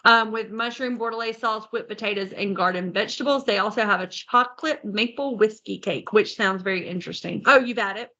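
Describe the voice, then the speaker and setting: A woman's voice: mid-range voice, a little fast, few pauses, pushed and bright, muffled recording. A woman co-hosting a podcast in casual chat, reading out a menu and tripping over foreign names, laughing at herself. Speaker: podcast co-host.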